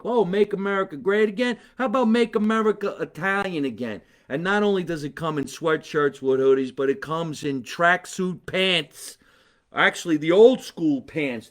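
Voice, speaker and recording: A comedian from New Jersey, with a New Jersey accent and a slightly high voice, hosts a live podcast from his mother's basement. He talks casually and animatedly between sponsor plugs, swearing often and repeating favorite phrases.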